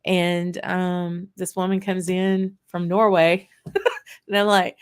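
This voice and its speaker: Woman, low voice, chatty livestream host, rambling, laughs often. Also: little pitch movement, slow pace, clean tone. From Louisiana, USA. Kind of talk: casual live tasting chat.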